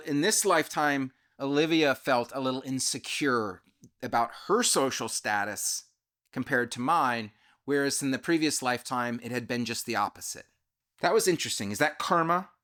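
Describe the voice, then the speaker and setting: A man's voice: medium pitch, fairly bright tone. A man telling a personal story in a candid, confessional, self-reflective way, often stopping to correct and restart himself. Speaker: channel host telling his own story.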